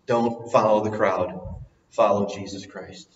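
A man preaching a sermon, dropping soft and low, then rising loud and emphatic. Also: steady tone, a little slow. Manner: swings from soft and low to loud and soaring, sings a hymn line. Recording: echoey hall, recorded from a distance, muffled.

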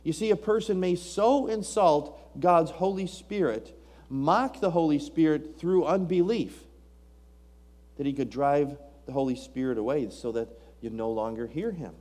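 Mellow-voiced man preaching a sermon. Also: fairly high pitch, measured pace. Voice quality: King James scripture reading. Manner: preaching with rising emphasis and rhetorical questions.

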